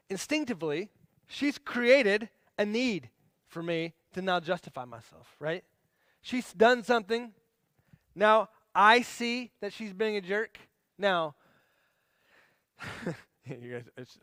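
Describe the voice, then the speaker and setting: A man's voice: sits high, a bit bright, no room sound, clean studio sound. A man in his forties teaching a marriage class in a casual, conversational way, acting out everyday scenes. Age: 40s.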